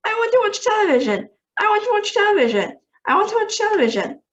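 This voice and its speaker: A woman doing a squeaky, shrunken little boy. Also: sing-song, quick pace, far from the mic, highs cut off. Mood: tantrum. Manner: shrill, whiny insistence. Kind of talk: storybook reading aloud.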